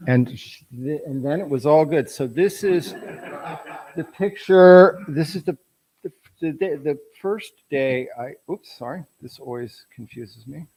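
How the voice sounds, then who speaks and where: A man's voice: fairly high pitch, slow, darkish tone, husky, rough recording. A middle-aged man presenting his photographs at an artist talk, telling anecdotes in a rambling way with frequent restarts.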